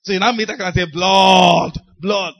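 A man preaching a sermon, telling deliverance stories with laughs and sudden shouted lines. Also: sits high, moderate pace. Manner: animated storytelling, laughing, shouting bursts. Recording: dull lo-fi recording.

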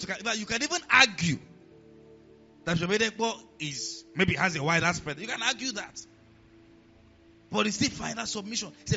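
A Nigerian pastor delivers a sermon in a high, sharply bright voice that swings up and down with energy. He preaches animatedly, slipping into pidgin asides. The recording sounds a little dull, with faint music underneath.

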